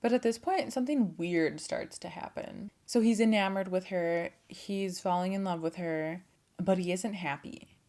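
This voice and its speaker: A young woman tells an old folktale in a loose, chatty way, dropping swear words and laughing asides into the story. Her voice sits a little low for a woman. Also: normal speed, a little mellow. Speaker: storyteller and channel host. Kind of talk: casual storytelling with voiced quotes.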